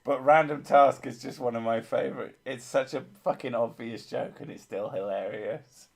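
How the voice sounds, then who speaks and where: A male gaming host in relaxed, rambling chat. He jokes and swears constantly and breaks into laughter often. His voice sits at an ordinary middle pitch. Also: normal speed, creaky.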